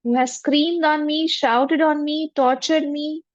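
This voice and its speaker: Slow, gentle woman guiding meditation. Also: sits high, fairly even intonation, no room sound. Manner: gentle, humble, repetitive affirmations. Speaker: spiritual teacher. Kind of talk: guided forgiveness meditation. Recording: dull lo-fi dry recording.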